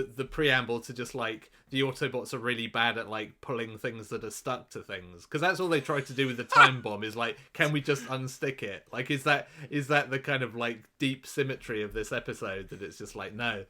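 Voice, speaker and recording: Chatty man with a bright voice. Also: mid-range voice. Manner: rambling, self-interrupting, joking. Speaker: podcast co-host. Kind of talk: casual chat.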